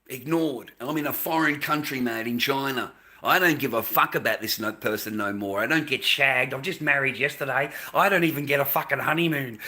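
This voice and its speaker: A man's voice: medium pitch, sharp tone. An Australian man ranting to camera in a profane, repetitive way, calling everyone "mate". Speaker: vlogger.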